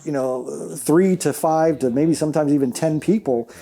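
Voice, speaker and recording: A man who makes low-budget films, talking casually about feeding his cast, rambling and restarting his sentences. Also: moderate pace, vocal fry, mellow. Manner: rambling, self-correcting, laughs easily. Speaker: indie filmmaker. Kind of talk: casual behind-the-scenes chat.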